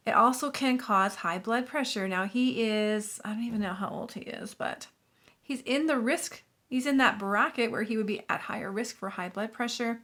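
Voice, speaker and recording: A woman's voice: fairly high pitch, moderate pace, fairly bright tone. A woman who is a nurse and has a Southern US accent, explaining a clinical topic in a chatty commentary video. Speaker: nurse reacting to news clips.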